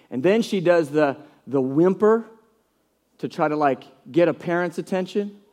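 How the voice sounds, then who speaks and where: A middle-aged male pastor preaching a sermon with passion, telling stories and acting out quotes in a hushed voice. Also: fairly high pitch, moderate pace.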